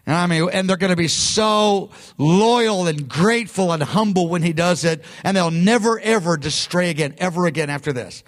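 A man preaching a sermon in a conversational, emphatic way, often breaking off and restarting his sentences. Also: high voice. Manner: conversational, emphatic, self-interrupting. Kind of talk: sermon teaching.

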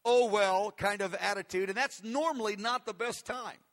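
Male pastor, high voice, bright tone, conversational sermon. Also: normal speed. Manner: conversational, earnest, with rhetorical questions. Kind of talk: sermon teaching.

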